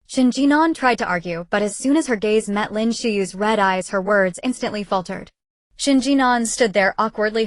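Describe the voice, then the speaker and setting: A woman's voice: medium pitch, no echo. Woman narrating a novel, dry close sound. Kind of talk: audiobook narration.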